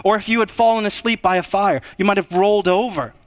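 High-voiced man preaching a sermon. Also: quick pace. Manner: expressive, swings between hushed and raised delivery.

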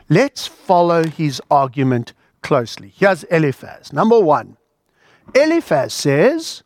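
A man preaching a sermon in an earnest, emphatic way, with dramatic pauses. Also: on the high side, lively intonation, no room sound, clean studio sound.

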